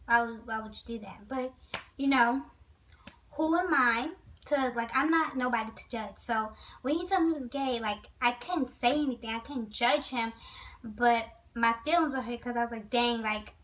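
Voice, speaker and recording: A high-voiced woman vlogger tells a storytime in a chatty, animated way. She breaks off often to speak straight to her viewers. The mic sits a little away from her. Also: normal speed, distant mic, low-quality recording. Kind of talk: storytime vlog.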